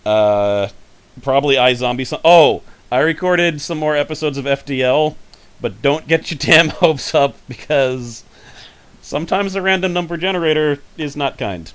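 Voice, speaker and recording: A man's voice: a little high, normal speed, clean tone. A man hosting a casual podcast, talking loosely and laughing often while listing his gaming videos. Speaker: podcast host.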